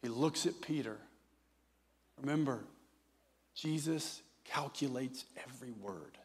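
A man preaching a sermon, moving between hushed, intimate passages and loud, impassioned ones. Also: medium pitch, slow, husky.

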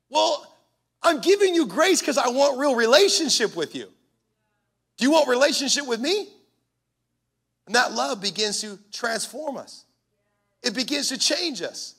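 A man's voice: very high voice, big pitch swings, measured pace, vocal fry, long pauses, fairly bright tone, husky. A man preaching a sermon as a pastor, in an impassioned, punchy way.

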